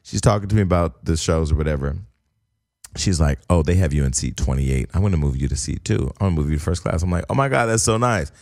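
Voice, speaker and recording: A man's voice: rumbling low, fast talker. A man, casually telling a long funny story on a podcast and acting out the voices of the people in it. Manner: animated, acts out quoted voices, laughs while telling.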